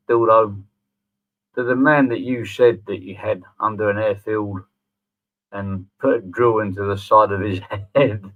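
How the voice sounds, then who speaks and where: His voice is on the low side but a bit bright. A middle-aged channel host, he sneers and swears freely through a sarcastic response video captured in tinny, phone-like audio.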